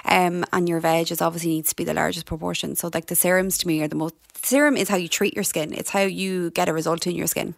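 A woman's voice: on the low side, steady tone, creaky, dry recording, clean studio sound. A woman skincare professional in casual conversation, chatty with lots of "like" fillers. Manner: chatty, fillers like "like", quick storytelling. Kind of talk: casual podcast chat.

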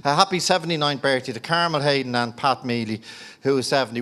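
A man's voice: mid-range voice, fast, pushed and bright. A man with an Irish accent hosting a live radio broadcast before a crowd, chatty and teasing, on a handheld mic. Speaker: radio phone-in host. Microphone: handheld microphone.

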